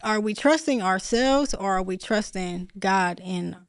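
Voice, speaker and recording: A woman's voice: mid-range voice, measured pace, smooth. A woman with a mid-range voice talks earnestly and personally on a talk show. The sound is dry and close, with no room echo. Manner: frequent backchannel, earnest, personal. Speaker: co-host. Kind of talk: casual chat.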